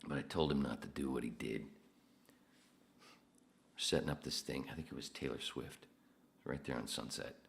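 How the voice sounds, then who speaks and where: A man's voice: extremely low pitch, normal speed, gravelly, long pauses, slight background noise. A man hosting a podcast, telling rambling, profanity-laced stories in a casual way. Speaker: podcast host. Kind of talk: casual storytelling.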